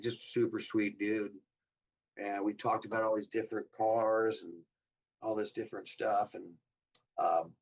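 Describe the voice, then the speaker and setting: A husky, fairly low-voiced man in his fifties tells his stories as a guest and slips into the voices of the people he quotes. He sounds a little distant from the mic, and the recording is dull and lo-fi. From Southern California. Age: 50s. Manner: animated storyteller who acts out quoted dialogue in a raised voice. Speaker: guest, hot rod builder. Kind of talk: casual interview storytelling.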